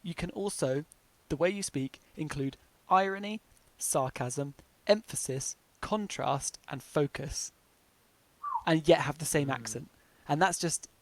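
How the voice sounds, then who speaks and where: A man's voice: a little high, unhurried, no echo. A man with a southern English accent chatting casually as a podcast co-host, full of "like" fillers. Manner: chatty, lots of "like" fillers, animated. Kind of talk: casual chat.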